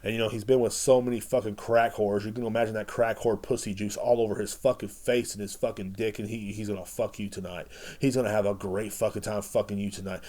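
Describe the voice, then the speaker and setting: A man's voice: lowish voice, a little fast, dark tone. A man hosting his own podcast, ranting in a rambling, sardonic, profanity-heavy monologue. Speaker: podcast host. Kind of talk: casual rant monologue.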